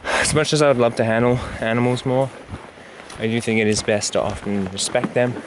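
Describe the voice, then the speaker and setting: A man films himself on a handheld camera while climbing an uphill trail, a bit out of breath. He speaks a little fast in a medium-pitched, fairly even voice, rambling and musing with plenty of filler words amid a noisy background.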